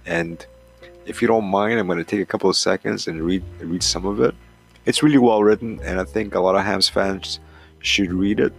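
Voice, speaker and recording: A hockey podcast host with a low voice and vocal fry rants on his talk show, profane, heated and rambling. It's a casual rant in which he reads a column aloud.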